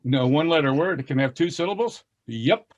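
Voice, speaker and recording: A man with a Southern American accent rambles through a casual talk, folksy and self-deprecating, with frequent laughs. His voice sits a bit higher than most men's. He sounds like he is speaking over a video call. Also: animated, fairly quick, lo-fi sound.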